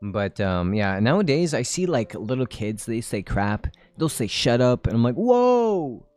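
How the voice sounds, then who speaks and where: A man's voice: lowish voice, normal speed, soft background music. A man in his twenties chatting casually on a live stream, rambling and laughing often.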